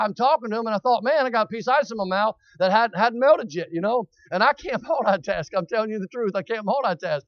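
A man's voice: very high voice, dry recording, dull audio. A middle-aged man preaching a sermon, telling a folksy story with frequent amens and rising to hollering.

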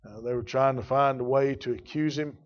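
A man preaching a Baptist sermon, telling stories in a folksy way that drops to a hush and rises to a shout. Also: steady tone, fairly quick. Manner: folksy storytelling, swinging from hushed to booming. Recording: dull lo-fi recording.

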